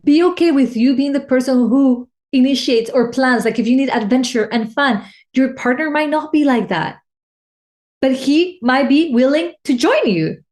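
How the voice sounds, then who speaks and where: A woman's voice: high voice, expressive, normal speed, darkish tone. A woman life coach talking about personal needs and connection in a solo podcast, heartfelt and emotional, often restarting phrases. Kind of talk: reflective solo podcast talk.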